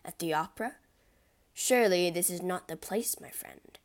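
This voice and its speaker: A woman voicing a cold, menacing nobleman bent on revenge, speaking low and measured. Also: lightly acted. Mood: cool.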